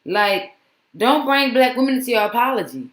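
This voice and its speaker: A woman's voice: fairly high pitch, sing-song, moderate pace, roomy sound. A woman vlogger giving casual, exasperated commentary that rambles with many restarts.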